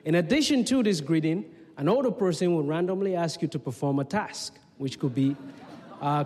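A man from Leone, telling stories in a talk in measured, unhurried short phrases. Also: fairly high pitch, animated, darkish tone. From Sierra Leone. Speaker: speaker. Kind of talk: storytelling talk. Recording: long hall reverb.

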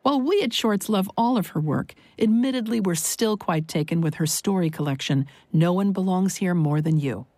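A woman's voice: fairly low pitch, animated, normal speed, hardly any pauses, darkish tone, no echo. A woman hosting a story program, introducing readings in an appreciative scripted way. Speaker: host.

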